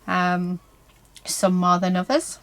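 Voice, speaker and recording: In a low-quality recording, a woman with a fairly low, slightly bright voice talks slowly while painting at an indoor craft table. She's a crafting vlogger addressing herself and her viewers in a chatty way, dropping "so yeah" and "um" constantly.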